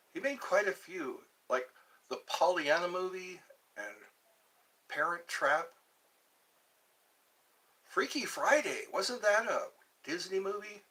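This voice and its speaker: Male streamer, meandering chat, lively pitch, slow pace. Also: far from the mic, rough recording. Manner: meandering, muses aloud, tries out pickup lines. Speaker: channel host. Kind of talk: rambling livestream chat.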